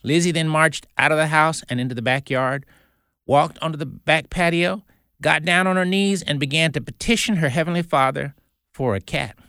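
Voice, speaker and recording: A man's voice: on the high side, normal speed, bright, forceful tone, clean tone, no room sound, clean studio sound. Earnest folksy male radio storyteller. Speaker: radio show host. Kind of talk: storytelling on a Christian radio show.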